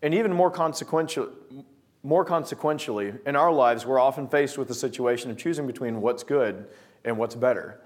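A man telling a personal story with lively acted-out scenes, then drawing a devotional lesson from it. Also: medium pitch, brisk. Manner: lively storyteller, acting out scenes, often restarting words. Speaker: speaker telling a story to make a life lesson. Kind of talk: anecdote-driven devotional talk.

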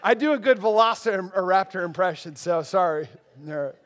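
In an expository sermon, a high-pitched male pastor talks at normal speed, animated and conversational, regularly breaking off to speak directly to the congregation.

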